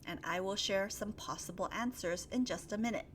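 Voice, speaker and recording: A woman teaching English grammar in a live online lesson, reading out viewers' sentences and gently correcting them. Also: mid-range voice, normal speed, a little hiss or hum. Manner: spells out endings letter by letter, stretches key words.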